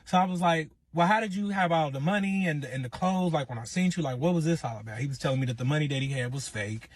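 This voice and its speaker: A man telling his own relationship story in casual, animated storytime style, acting out quotes. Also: fairly high pitch, fast talker, dry recording. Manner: animated, acts out quotes in raised voice.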